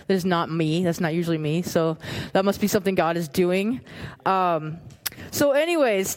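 A woman preaching a sermon in a casual, animated way, often repeating phrases for emphasis. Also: medium pitch. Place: church.

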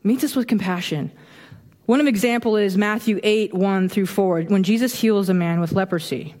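Woman preacher, thirties, chatty sermon, mid-pitched voice, lively asides, reverberant church hall. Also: moderate pace. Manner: animated, acts out quoted reactions, self-deprecating humor. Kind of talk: casual conversational sermon. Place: church sanctuary.

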